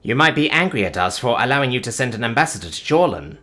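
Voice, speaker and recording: A man's voice: mid-range voice, sing-song, quick pace, sharp tone, soft background music. Sci-fi audiobook: male narrator as a formal, literal robot with a caring streak. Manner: formal, stiff, no contractions.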